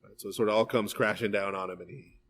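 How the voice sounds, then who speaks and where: In a rough live recording from a church hall, with slight background noise, a priest talks fast in a lowish voice. He works through the Bible verse by verse, reading passages and retelling them casually and energetically, peppering in "right?"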